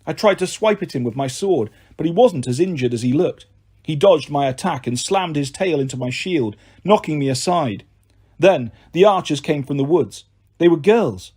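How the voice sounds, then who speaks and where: A man reading a first-person audiobook with expressive, dramatic delivery. His voice sits a little high and sounds husky. His pitch moves a great deal from line to line. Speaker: audiobook narrator.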